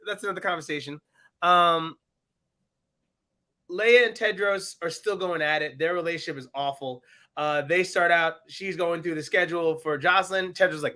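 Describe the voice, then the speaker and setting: A man co-hosting a podcast, recapping a TV episode in casual, animated chat and slipping into voices for the characters. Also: high-pitched, normal speed. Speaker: podcast co-host.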